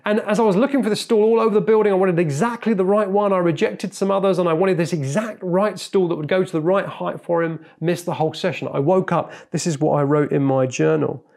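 A man preaching a sermon, earnest and animated, often repeating words as he goes. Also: high-pitched, fast talker, gravelly, hardly any pauses. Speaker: pastor.

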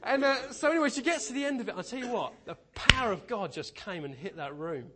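A man preaching a sermon in a church, telling stories in an animated, humorous way. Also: very high-pitched, fast. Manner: animated storytelling, lively and humorous.

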